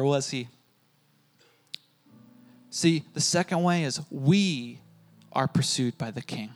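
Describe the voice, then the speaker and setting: A male pastor preaching a sermon, emphatic, repeating key phrases and swinging between loud and soft. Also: high voice. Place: church hall with a congregation.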